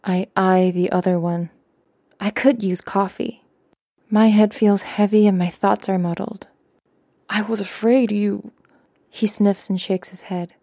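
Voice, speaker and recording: A young adult woman reading a first-person story aloud in a calm, even narration with quiet character voices. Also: mid-range voice, a little slow, no room sound, clean studio sound. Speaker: audiobook narrator.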